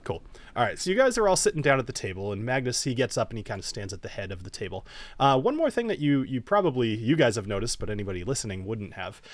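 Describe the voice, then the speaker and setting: A man's voice: medium pitch, big pitch swings, fast talker, no room sound. Laid-back man narrating as dungeon master. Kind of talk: narrating a tabletop game.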